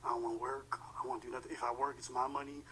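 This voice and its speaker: A man's voice: mid-range voice, flat delivery, pushed and bright, slight background noise, rough recording. A man co-hosting a casual chat, teasing the others. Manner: teasing, fast-talking.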